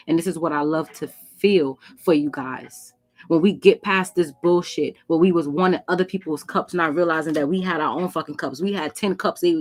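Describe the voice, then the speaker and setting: A young woman with a lowish voice talks through a tarot reading in a casual, direct way. She is blunt and emphatic and swears freely while she drives her points home. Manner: blunt, profane, animated and emphatic. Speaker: tarot reader.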